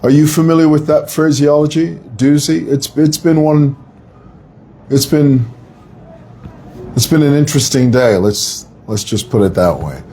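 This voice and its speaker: A man's voice: on the high side, measured pace, dark tone, slight background noise. A man hosting a live online show, talking in a chatty, playful, rambling way. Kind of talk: live-stream commentary. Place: city workplace.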